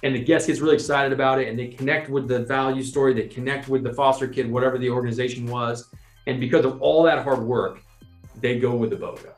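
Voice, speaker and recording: A man co-hosting a podcast, explaining his point in a lively, persuasive way and often adding "right?". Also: medium pitch, fast talker. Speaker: podcast co-host. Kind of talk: casual conversational explaining. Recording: roomy sound with faint music.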